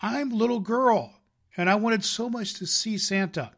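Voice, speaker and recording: A man's voice: sits high, a little slow, a bit bright, pitched above the performer's own voice, heavily acted. A man voicing a small, eager little girl who pleads sweetly to be taken along. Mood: pleading.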